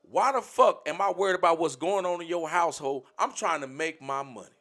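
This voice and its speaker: A man's voice: fairly high pitch, fairly quick, fairly bright tone. A man on a livestream, speaking bluntly and profanely, lecturing his community in a preachy rant.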